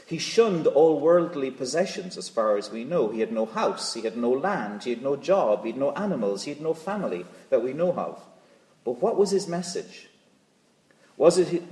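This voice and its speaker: Preacher, male, lively sermon delivery with rhythmic repeats, echoey church. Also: medium pitch. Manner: rhythmic repetition of key phrases; expressive, rising and dropping to a hush.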